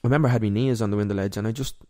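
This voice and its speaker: A young Irish man speaks as a podcast guest, candid and emotional, often halting mid-thought. His voice sits low and mellow, and the sound is close and dry with no room around it. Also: steady tone, no room sound. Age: young adult. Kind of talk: personal storytelling in interview.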